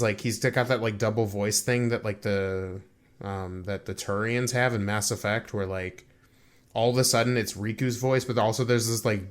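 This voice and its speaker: A young man co-hosting a podcast, recapping a video game in casual chat, rambling and halting with lots of fillers. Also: fairly low pitch. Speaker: podcast co-host.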